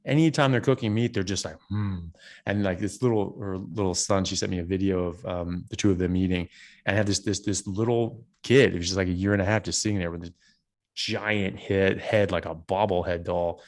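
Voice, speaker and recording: A man who is a doctor, a guest on a podcast interview, telling stories in an animated way with frequent restarts. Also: deep voice, brisk. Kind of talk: casual interview conversation.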